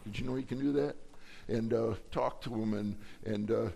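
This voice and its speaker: A man's voice: fairly even intonation, normal speed, gravelly, warm tone. A middle-aged man, a pastor, preaching a sermon in a folksy, conversational way, his voice jumping up when he acts out prayers and questions to God. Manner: folksy and conversational, acting out quoted prayers with rising pitch.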